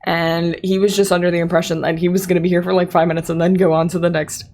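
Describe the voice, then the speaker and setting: A woman's voice: on the low side, level tone, quick pace, a little mellow. A woman hosting a podcast, telling a story in casual chat, exasperated and swearing freely, and acting out the people in it. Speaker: podcast host.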